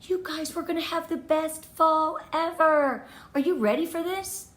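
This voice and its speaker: A woman's high voice, unhurried and echoing around the room, drives a motivational training session for her direct sales team. With enthusiasm and emphasis she lists tips one by one and returns to her main points.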